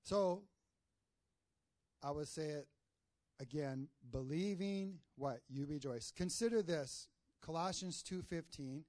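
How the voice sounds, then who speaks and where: A man's voice: fairly high pitch, slow, long pauses, a little mellow, dry recording. A man preaching a sermon, asking the congregation for amens and telling a story partway through. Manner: call-and-response, asks the congregation for amens; tells jokes and stories mid-sermon.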